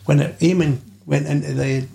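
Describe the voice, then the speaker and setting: A man's voice: on the high side, fairly even intonation, normal speed, creaky, warm tone. An older man with a Scottish accent, a podcast guest telling rambling stories and swearing freely. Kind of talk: anecdotal storytelling.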